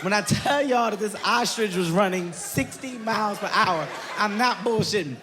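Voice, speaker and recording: A man telling a stand-up comedy story, animated and loud, often laughing as he talks, recorded at a live show. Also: high voice, moderate pace, music in the background, a crowd in the background. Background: loud audience laughter and noise.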